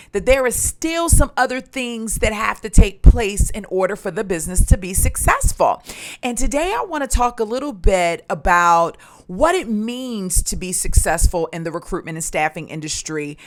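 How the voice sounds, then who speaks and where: A middle-aged woman from Maryland, a recruitment and staffing coach, giving a motivational business tutorial in an upbeat tone with fillers and restarts. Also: mid-range voice. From Maryland, USA.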